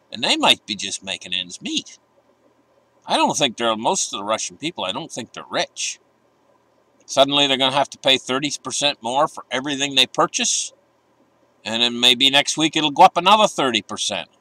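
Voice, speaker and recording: A man's voice: mid-range voice, pushed and bright, dry recording, low-quality recording. A man giving casual, rambling market commentary, opinionated and breaking into emphatic bursts.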